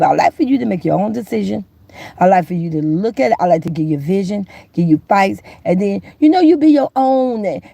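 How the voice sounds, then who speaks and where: Gravelly-voiced woman hosting a chatty live stream. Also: mid-range voice, warm tone, no room sound. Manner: folksy, chatty, addresses viewers directly. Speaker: YouTube commentary host. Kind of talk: live-stream chat talk.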